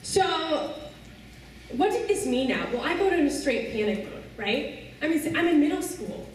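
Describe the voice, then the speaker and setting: A woman's voice: sits high, very animated, moderate pace, a little hiss or hum. A woman giving a personal testimony talk to a youth audience, telling her story earnestly and often checking in with her listeners. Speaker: speaker addressing a youth audience. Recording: echoey hall from a distance.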